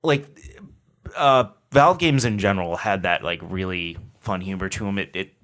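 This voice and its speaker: A man's voice: low voice, fairly bright tone. A man co-hosting a casual video game podcast, cutting in with jokes and teasing guesses. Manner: quick joking interjections and teasing guesses. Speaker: podcast co-host. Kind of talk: casual chat about video games.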